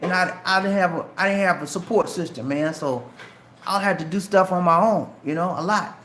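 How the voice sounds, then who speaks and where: A man's voice: high-pitched, fairly quick, a bit bright, reverberant, slight background noise. A middle-aged man from Charleston, South Carolina, with a light Southern Geechee accent, casually answering viewer questions on a live stream and talking directly to viewers. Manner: chatty, addresses viewers directly as man and bro.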